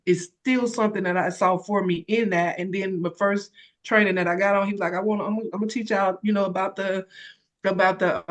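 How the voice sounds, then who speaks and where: Tearful woman telling her story. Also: fairly low pitch. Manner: animated storytelling, acts out others' voices. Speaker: credit repair consultant sharing her story. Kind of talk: emotional personal testimony.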